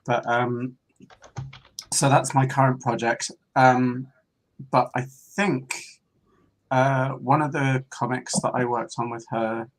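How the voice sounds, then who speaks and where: Slow, hesitant guest artist man. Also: mid-range voice, little pitch movement, poor audio. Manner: hesitant, many ums, soft-spoken. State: coughing now and then. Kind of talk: casual chat.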